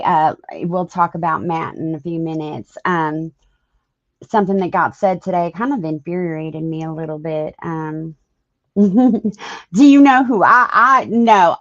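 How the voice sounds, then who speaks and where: A woman's voice: deep voice, fairly bright tone, highs cut off. A woman hosting a live stream, chatting casually with viewers, hesitant with many ums and restarts. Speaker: livestream host.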